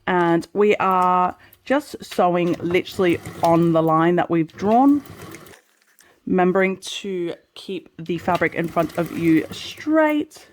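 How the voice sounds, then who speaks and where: A woman talking through a sewing tutorial step by step, chatty and relaxed, often checking in with viewers as she works. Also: on the low side, slow, a little hiss or hum. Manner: chatty, explains as she works, frequent "okay" and "so". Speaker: sewing instructor. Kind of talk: casual step-by-step craft tutorial.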